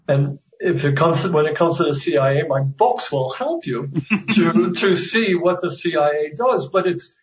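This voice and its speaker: Halting, roomy-sounding man. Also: a little high. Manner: hesitant, many fillers and restarts. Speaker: author guest. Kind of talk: conversational interview. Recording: roomy, distant, dull sound.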